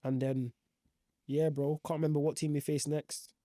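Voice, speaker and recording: A man's voice: on the high side, little pitch movement, moderate pace, mellow, no room sound, clean studio sound. A young man, recounting his football career in slangy, rambling casual talk full of fillers. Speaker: professional footballer guest. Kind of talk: casual storytelling.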